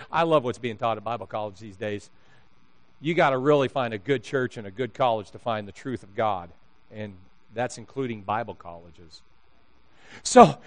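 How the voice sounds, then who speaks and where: A man's voice: mid-range voice, normal speed. A man preaching a sermon, telling funny stories and acting out the dialogue in them, laughing often. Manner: animated storyteller, acts out dialogue, laughs often. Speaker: pastor. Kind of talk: sermon with humorous storytelling.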